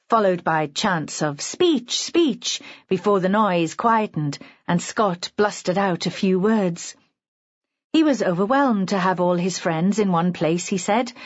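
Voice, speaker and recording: A woman narrating a first-person audiobook in a measured, dramatic way, recorded on a close mic. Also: mid-range voice, no room sound. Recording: dull muffled audio.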